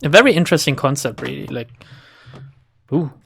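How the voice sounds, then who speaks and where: A lively, lower-pitched woman chatting through a let's-play. Her pitch swings widely as she jokes, swears and talks back at the characters on screen. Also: brisk, gravelly, husky. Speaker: streamer playing a game. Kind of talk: casual let's-play commentary.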